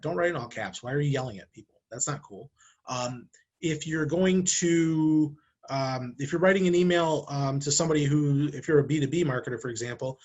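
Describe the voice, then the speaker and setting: His voice sits on the high side with a breathy edge as he talks straight to camera. The man, a marketing director, keeps it conversational in this talking-head marketing piece, asking rhetorical questions and performing brief examples.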